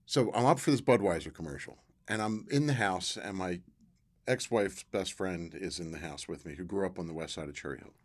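A middle-aged man, a podcast guest telling stories in a casual, animated way and acting out the voices of the people in them. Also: deep voice, a little fast. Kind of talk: casual storytelling.

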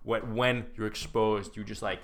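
A man in a casual comedic chat, building on his friend's jokes with an animated, laughing manner. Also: lowish voice, normal speed.

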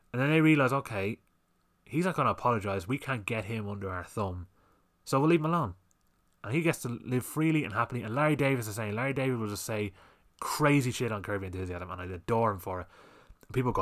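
A man's voice: lowish voice, quick pace, a bit bright. A man hosting a solo podcast, ranting fiery and sweary about comedy and censorship. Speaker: podcast host.

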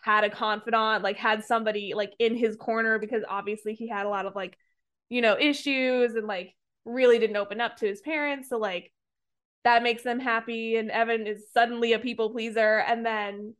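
A woman's voice: fairly high pitch, steady tone, normal speed, fairly bright tone, clear, resonant tone. A woman on a podcast retelling a movie plot in casual chat, rambling with lots of fillers and some swearing. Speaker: podcast co-host reviewing a movie.

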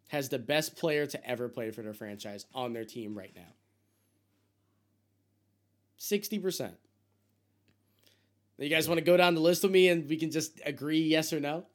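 A man co-hosting a sports podcast, talking in an animated, casual way that swings between loud bursts and low asides. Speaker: podcast co-host.

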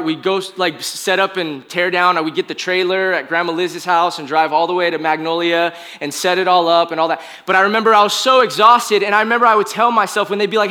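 A man's voice: fairly high pitch, pushed and bright. A young man preaching a conversational, confessional sermon as a pastor, peppered with casual filler words.

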